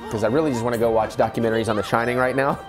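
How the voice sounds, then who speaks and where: A man's voice: medium pitch, fairly even intonation, rapid-fire. A man hosting a let's play, chatting casually and rambling while keeping his voice down late at night, with frequent laughs. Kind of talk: casual gameplay commentary. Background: video game music.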